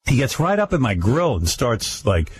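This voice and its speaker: A man hosting a radio talk show, telling a story casually and mimicking others in a higher voice. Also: moderate pace, slight background noise. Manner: animated, acts out quotes in a higher mocking voice. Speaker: radio host.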